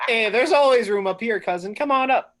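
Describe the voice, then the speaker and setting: A man voicing a cheerful, rough male traveler, loud and friendly. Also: extremely high pitch, fairly quick, a crowd in the background, voice pushed up. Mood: jovial.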